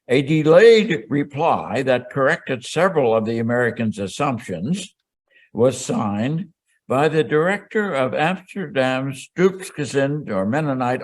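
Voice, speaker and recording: An older man from Pennsylvania giving a history lecture at a college seminar, reading prepared text and breaking off into rambling asides with many ums and restarts. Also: mid-range voice.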